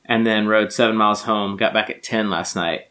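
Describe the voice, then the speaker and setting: A man's voice: lowish voice, fairly even intonation, moderate pace, pushed and bright. A British man co-hosting a podcast, telling rambling, self-mocking anecdotes in a casual, tired way. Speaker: podcast co-host. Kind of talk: casual chat.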